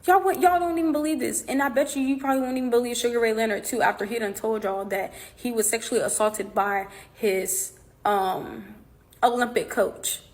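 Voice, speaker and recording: Her voice a little high and her intonation fairly even, a woman speaks briskly as she gives her account of a falling-out. The boxer addresses viewers directly in casual chat, acting out old conversations with animation.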